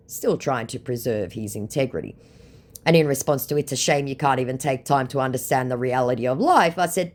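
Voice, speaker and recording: A woman's voice: extremely low pitch, animated, brisk, darkish tone. A woman, a scam baiter reading out chat messages in a sarcastic, mocking way. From Australia.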